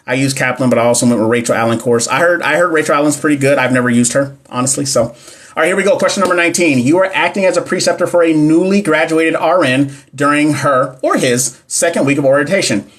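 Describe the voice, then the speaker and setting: A man's voice: a little high, fast talker. A young man hosting a casual livestream, reading exam questions and answering chat in a playful, slangy way. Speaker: livestream host teaching nursing exam questions. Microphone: phone or computer mic on a live stream.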